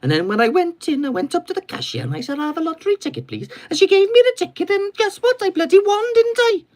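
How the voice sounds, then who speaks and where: A man putting on a high singsong Welsh lilt. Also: big pitch swings, quick pace. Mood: gleeful. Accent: put-on Welsh. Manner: rising, climbing melody, louder and higher as it goes.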